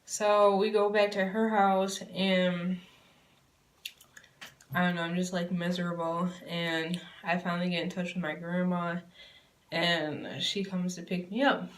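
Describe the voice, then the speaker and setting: Low, flat-voiced woman telling a story. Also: unhurried, distant mic. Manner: rambling, heartfelt and candid. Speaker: vlogger. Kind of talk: personal storytelling vlog. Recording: roomy sound from away from the mic.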